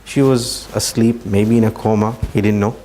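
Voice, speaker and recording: A man giving a religious talk, telling a story earnestly and slowing down for emphasis. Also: lowish voice, steady tone, warm tone. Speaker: Islamic speaker.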